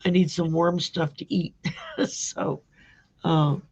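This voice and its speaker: A woman from Louisiana with a Cajun accent hosting a casual live video chat, hoarse from a sore throat, chatty and rambling with frequent laughs. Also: on the low side, wildly swooping pitch, slow pace. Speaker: host.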